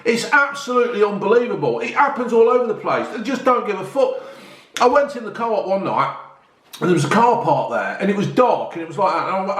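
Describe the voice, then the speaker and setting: A man's voice: sits high, a bit bright. Blunt, sweary middle-aged man ranting. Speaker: vlogger reviewing newspaper stories. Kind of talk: casual chat. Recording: echoey room.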